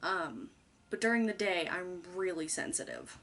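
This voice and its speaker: A woman's voice: on the low side, very animated, moderate pace, fairly bright tone. A young woman YouTuber talking casually to camera, chatty and rambling, candid and loose, swearing now and then.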